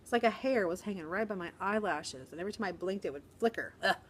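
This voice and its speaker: A woman's voice: medium pitch, expressive, slightly rough. Chatty middle-aged woman teacher vlogging. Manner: chatty, sarcastic humor, quick laughs. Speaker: first grade teacher. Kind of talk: casual vlog chat. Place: quiet corner of a school.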